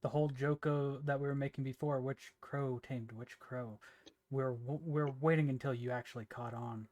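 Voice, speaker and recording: A man voicing a player in a tabletop role-play, describing in the first person what his character does and says. His voice is mid-pitched and ordinary. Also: fairly even intonation, normal speed, a little mellow, slight background noise. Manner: narrates own character's actions in first person.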